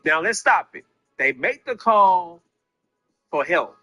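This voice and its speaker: A man's voice: high voice, expressive, slow pace, bright, forceful tone, soft background music. A man commentating on a case, speaking emphatically, with rhetorical questions to his viewers. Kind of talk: true-crime commentary.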